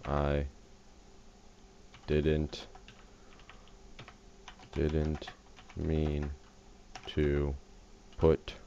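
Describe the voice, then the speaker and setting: Still tired from just waking up, this US gaming host drifts through joking, distracted commentary in a rumbling low, monotone voice. He drags out his words, sounds creaky and mellow, and leaves long pauses, all on a dull lo-fi track with faint hiss.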